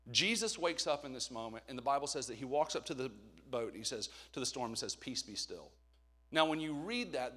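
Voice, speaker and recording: A man in his thirties preaches in a lively, storytelling way, jumping from loud emphatic bursts to hushed asides. His voice sits at an ordinary middle pitch for a man. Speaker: pastor. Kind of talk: sermon.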